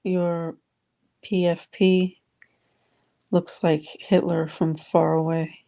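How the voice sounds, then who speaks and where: A woman hosts a casual live audio room, chatting and greeting listeners by name as she reads their comments. Her voice is low and gravelly, with a dark, mellow tone. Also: level tone, slow.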